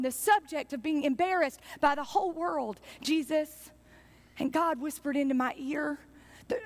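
A woman preacher voicing Mary as a heartfelt mother urging her son on, in an earnest storytelling voice. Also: sits high.

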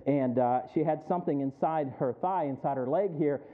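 A middle-aged man preaching a sermon as pastor, telling a personal story and then building up to loud, high-pitched preaching. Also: normal speed. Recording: tinny phone-like sound.

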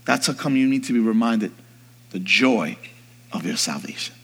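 A man preaching a sermon, swinging from hushed, slow reflection to rising, shouted exhortation, calling on the congregation to answer him. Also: medium pitch, animated, slightly rough, long reverb tail. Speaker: pastor.

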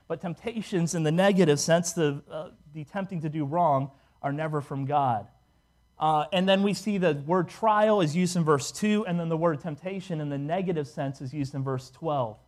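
A man with a high voice preaching a Sunday sermon. He is animated and keeps slipping into the voices of the people he quotes, which gives his talk a conversational, storytelling feel. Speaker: pastor.

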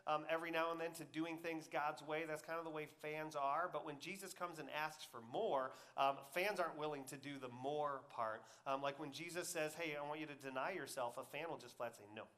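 A pastor preaches a sermon in a slightly high voice, swinging between loud, emphatic peaks and quiet, intimate asides. He acts out quoted voices in a conversational way.

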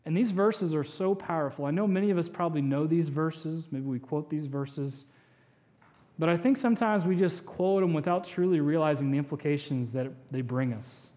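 High-voiced preaching man. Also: normal speed, mellow. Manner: preaching with rising emphatic passages and acted pleas. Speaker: pastor. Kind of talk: sermon.

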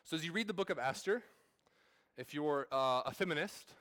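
A man's voice: fairly high pitch, expressive, normal speed, fairly bright tone. A man in his thirties, a pastor, preaching a sermon at a church service in a casual, storytelling way full of fillers and restarts.

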